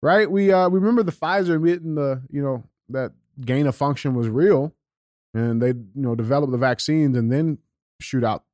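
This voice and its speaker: A man's voice: mid-range voice, moderate pace, no echo, clean studio sound. Profane young man reading news aloud. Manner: animated, profane, many fillers and restarts. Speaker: podcast host. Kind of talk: casual political commentary, reading news aloud.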